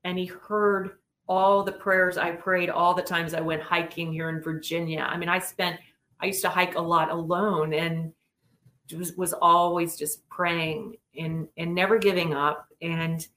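A middle-aged woman telling a personal story in an earnest, animated way as an interview guest. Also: lowish voice, a little hiss or hum. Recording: roomy echo.

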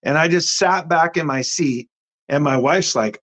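A man's voice: fairly high pitch, a little slow, a bit bright. A middle-aged man, a guest on an interview, telling a faith story earnestly with many restarts.

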